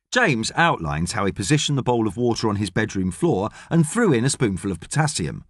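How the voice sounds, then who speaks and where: Expressive man reading an audiobook. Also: mid-range voice, moderate pace, hardly any pauses, no echo, studio quality. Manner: expressive storytelling. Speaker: audiobook narrator. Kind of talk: scripted narration.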